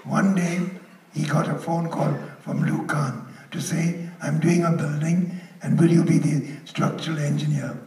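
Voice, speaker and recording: A man's voice: fairly high pitch, flat delivery, measured pace, darkish tone. An older man on a conference panel, telling a story and quoting other people, laughing as he goes. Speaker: panel speaker. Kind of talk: anecdote told on a conference stage. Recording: echoey hall, mic at a distance.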